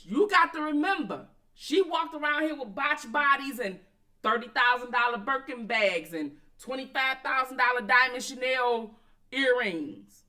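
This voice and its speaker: Blunt, profane woman with a bright voice. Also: high-pitched, lively intonation, a little slow. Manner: blunt, profane, emphatic, talks back to chat. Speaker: commentary channel host. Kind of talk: casual commentary, addressing viewers and chat.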